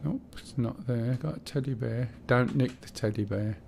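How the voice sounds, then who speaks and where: A man's voice: mid-range voice, moderate pace, creaky, darkish tone, slight background noise. A man streaming a game, chatting casually and talking a teammate through the controls, thinking aloud with fillers as he goes. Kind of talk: casual gameplay chat.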